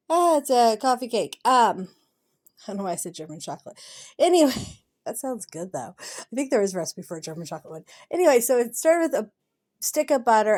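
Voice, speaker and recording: A woman's voice: fairly low pitch, darkish tone. A woman vlogger and mother talking through her day in a casual voiceover, chatty and rambling, earnest and encouraging. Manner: chatty, rambling, self-deprecating.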